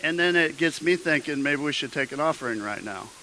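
A man's voice: fairly high pitch, animated, brisk, bright, forceful tone, poor audio. A man preaching a sermon, telling a story with jokes and acting out the quotes. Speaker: pastor. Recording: faint hiss.

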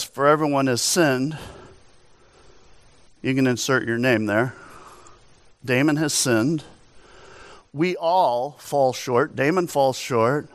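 A man preaching a sermon as pastor, animated, telling stories and asking rhetorical questions. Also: fairly high pitch, dry recording.

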